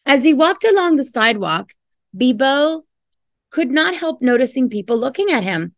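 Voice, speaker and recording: A woman's voice: high voice, dry recording, studio quality. A woman teacher reading a picture book aloud to children, stopping to explain words and wonder about the story. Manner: slow and expressive, pausing to explain and wonder aloud. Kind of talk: children's read-aloud with commentary.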